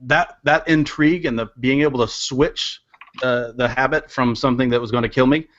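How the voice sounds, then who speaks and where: A man's voice: medium pitch, steady tone, moderate pace, fairly bright tone, lo-fi sound. A man hosting a casual online show, talking in a loose, joking way with mild swearing. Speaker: show host. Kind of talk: casual chat.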